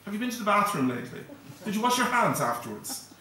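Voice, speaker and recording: A man's voice: high voice, very animated, fast, bright, forceful tone, pitched above the performer's own voice, full character voice. Maud, a haughty prim novelist mother, read by a man. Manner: fussy, disdainful, cuttingly polite. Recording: echoey hall, distant mic.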